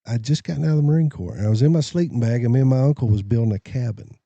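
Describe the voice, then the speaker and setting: Male podcast host with a warm low tone and a dry mic sound. He tells funny stories about himself with lots of energy. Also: very fast, gravelly, no echo, dull audio. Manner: animated, self-deprecating storyteller. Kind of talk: casual storytelling chat.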